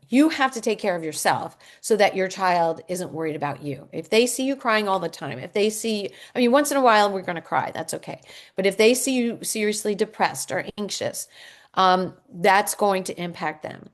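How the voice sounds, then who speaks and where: A middle-aged woman speaks at an ordinary pitch, earnest and reassuring as she coaches a workshop audience. Her talk is loose and unscripted, full of ums and restarted phrases. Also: expressive, moderate pace. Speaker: divorce coach leading a workshop.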